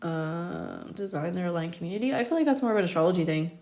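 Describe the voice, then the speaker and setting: A woman's voice: lowish voice, expressive, fast talker, dark tone. A thirty-year-old woman from the United States, chatting casually on a live stream and telling stories, with lots of "like" and frequent laughter. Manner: chatty storytelling, constant "like", laughs often. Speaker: astrologer hosting a live stream. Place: her home in Paris.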